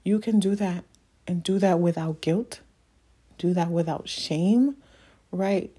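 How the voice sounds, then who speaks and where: A woman's voice: fairly low pitch, slow pace, dark tone, breathy edge. A young adult woman hosting a solo podcast, talking in an earnest, emotional and encouraging way, often repeating her points. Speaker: podcast host. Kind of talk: heartfelt solo podcast monologue.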